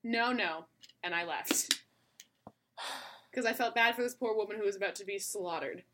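A woman's voice: medium pitch, moderate pace, pushed and bright. A Canadian woman co-hosting a podcast in casual chat, playful and teasing, laughing often. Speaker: podcast co-host.

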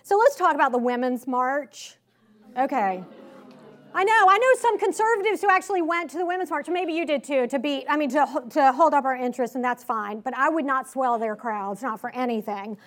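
A woman's voice: high voice, a little fast. A woman with a slight Southern accent giving a political speech to a live audience, emphatic and sarcastic, full of rhetorical questions. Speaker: conference speaker. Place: conference hall.

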